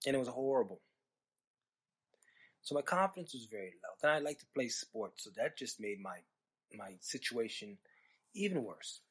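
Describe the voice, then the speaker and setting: Guy on his podcast mic telling a long story, husky, mid pitch, loose and sarcastic. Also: big pitch swings, normal speed, long pauses, a bit bright. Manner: rambling, conversational, sarcastic asides. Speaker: podcast host. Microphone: podcast microphone.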